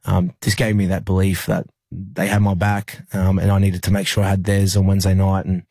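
Young Australian male athlete, low husky voice, dry close sound, halting storyteller. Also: monotone, warm tone, dry recording. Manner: halting, lots of fillers and restarts. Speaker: interview guest, rugby league player. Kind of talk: emotional personal storytelling.

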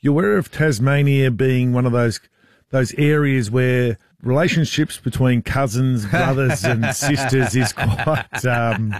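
A man's voice: medium pitch, unhurried, dry recording, studio quality. A man hosting a radio interview, asking blunt, jokey questions. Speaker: radio host.

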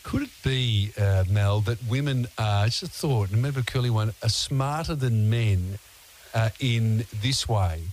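A man's voice: on the low side, measured pace, darkish tone, slight background noise. A man hosting an overnight radio interview, asking long, hesitant questions full of fillers. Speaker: radio host.

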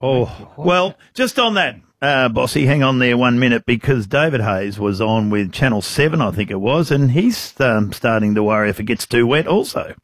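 A man's voice: mid-range voice, expressive, moderate pace, hardly any pauses, no room sound, clean studio sound. An Australian man hosting a radio show, jokey and laughing at his own jokes. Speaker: radio host. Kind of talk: casual radio banter.

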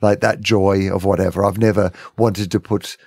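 A man's voice: low voice, little pitch movement, normal speed, a little mellow, breathy edge, dry recording, studio quality. A man hosting a casual interview, talking easily and dropping wry asides between short agreements. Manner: conversational, frequent short backchannels, wry asides.

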